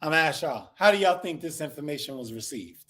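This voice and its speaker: A man's voice: on the high side, animated, fast talker, sharp tone. A man teaching a congregation through a scripture lesson, asking the class questions and acting out the people in the text.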